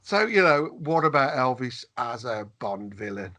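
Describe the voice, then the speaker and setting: A man's voice: mid-range voice, very animated, moderate pace, sharp tone. A man co-hosting a podcast in casual chat, jokey and chatty, with frequent restarts. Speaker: podcast co-host.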